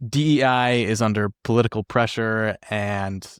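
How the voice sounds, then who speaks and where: Podcast host guy, lowish voice, dry close mic, easygoing and brief, asks open questions. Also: steady tone, normal speed, smooth, no room sound. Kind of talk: interview questions.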